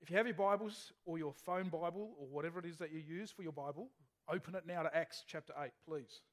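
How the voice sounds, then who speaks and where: A male preacher with a notably high voice gives a relaxed, conversational sermon. He keeps turning questions back to his congregation as he tells a story. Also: fast. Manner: chatty, asks the congregation questions. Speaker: pastor.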